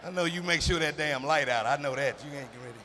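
A middle-aged man performing live stand-up on an arena stage, animated, breaking into singer impressions. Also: quick pace, slight background noise. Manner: animated, mimics singers with falsetto and crooning. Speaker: stand-up comedian. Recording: live arena recording with long reverb.

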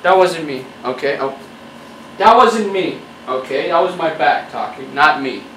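A man's voice: fairly high pitch, expressive, unhurried, a bit bright, echoey room, distant mic, a little hiss or hum, low-quality recording. A man doing a profane, mock-angry comedy rant straight at his viewers. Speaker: YouTube comedian.

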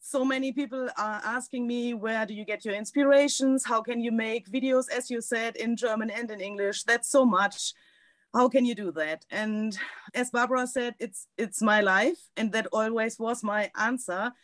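A woman's voice: a little high, fairly even intonation, moderate pace, fairly bright tone, no echo. A woman guest on a podcast, speaking thoughtfully and searching for her words. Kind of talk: casual chat.

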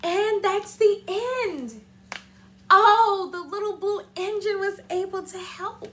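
High, slow, animated woman storyteller. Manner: animated, asks the listeners questions. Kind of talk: reading a storybook aloud to children.

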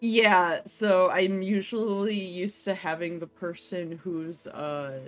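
A woman's voice: lowish voice, steady tone, slow, faint music behind. A woman player in a tabletop game, chatting casually and hesitantly with many fillers. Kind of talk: casual chat.

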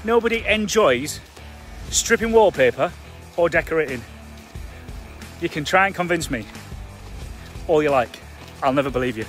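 A man's voice: a little high, lively intonation, moderate pace, pauses often, fairly bright tone, faint music behind. A man giving a blunt, emphatic live-stream coaching talk to property investors, chatty and full of fillers. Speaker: construction trainer for property investors.

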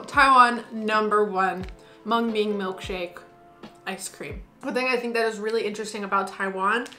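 A woman's voice: fairly high pitch, sharp tone. A young woman from the United States, gushing playfully while taste-testing in a casual vlog. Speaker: food vlogger.

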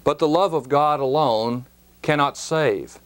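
Slow, measured man teaching the Bible. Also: on the high side, clean tone. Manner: slow, measured, emphatic phrasing; addresses the listener directly. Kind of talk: recorded Bible study teaching.

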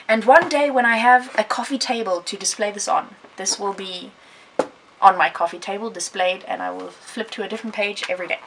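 A woman's voice: mid-range voice, a bit bright. A woman talking casually in a bookshelf tour vlog, chatty and rambling, often correcting herself mid-sentence. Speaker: vlogger. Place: room at home beside a bookshelf. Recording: distant camera mic with faint hiss.

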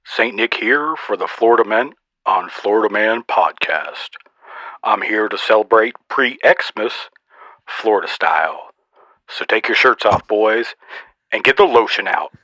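A man's voice: on the low side, animated, unhurried, pushed and bright, no room sound, exaggerated voice. A man voicing a boastful, snarky old male Santa Claus, roasting people in a mock-stern way for a comedy podcast sketch.

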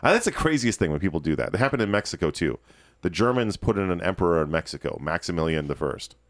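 Guy on a podcast, really deep voice, dry close sound, rants and restarts a lot. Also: dry recording. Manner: animated, ranting, quick restarts. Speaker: podcast host. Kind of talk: opinionated podcast commentary.

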